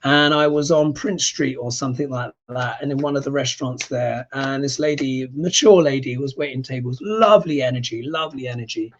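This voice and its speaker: A man hosting a casual live stream as an astrologer, talking in an animated, emphatic way and often clearing his throat. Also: mid-range voice, fast talker, highs cut off.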